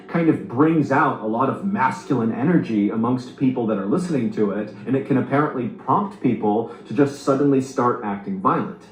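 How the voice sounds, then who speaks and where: A man's voice: medium pitch, roomy sound, low-quality recording. A man narrating a true story in a scripted storytelling style, building suspense. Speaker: narrator of the reacted video.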